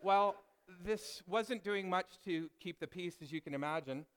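Smooth-voiced pastor telling a story. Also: male voice, sits high, moderate pace. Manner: self-deprecating storyteller, animated. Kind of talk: sermon with a personal story.

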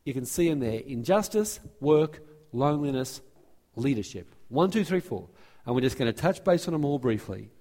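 A man preaching from the front of a church, his voice sitting at an ordinary middle pitch. He talks earnestly, often breaking off and restarting a phrase, and his pace keeps shifting between quick and slow. A long reverb from the hall trails after his words. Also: lively intonation, warm tone. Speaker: pastor. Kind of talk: sermon with church announcements. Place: church sanctuary.

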